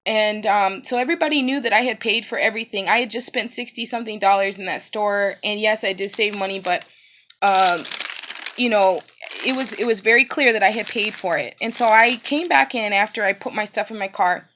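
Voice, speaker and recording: A woman's voice: medium pitch, brisk, a bit bright, slight background noise. Upset woman in her thirties telling a story. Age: 30s. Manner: upset, recounting with frequent fillers and restarts. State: in pain after recent surgery. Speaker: vlogger. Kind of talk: casual storytime vlog.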